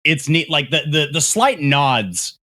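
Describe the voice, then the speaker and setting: A man's voice: on the high side, sing-song, measured pace, pushed and bright. A man co-hosting a casual podcast, rambling with many fillers as he searches for words. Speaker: podcast co-host. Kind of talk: casual chat.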